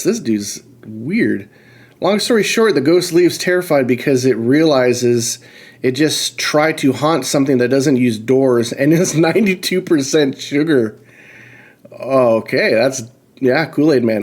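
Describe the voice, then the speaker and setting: A man's voice: mid-range voice, lively intonation, slow pace, darkish tone. A man hosting a podcast, reading a ghost story aloud in a casual, incredulous way, often swearing and stopping to comment and laugh. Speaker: podcast host.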